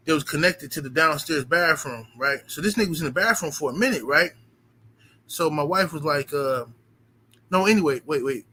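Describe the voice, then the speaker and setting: A man streamer telling a long story to his viewers in a casual, animated, emphatic way, with lots of profanity. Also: a little high, slight background noise, poor audio.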